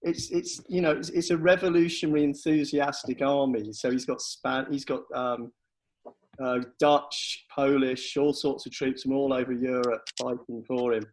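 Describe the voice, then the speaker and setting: A man with a mid-pitched, everyday voice talks through battles and army tactics on a podcast. He sounds keen and explanatory, often restarting his sentences as he goes. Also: flat delivery, normal speed, rough recording. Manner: enthusiastic, explanatory, with frequent restarts. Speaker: history guest explaining battles. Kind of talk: casual chat.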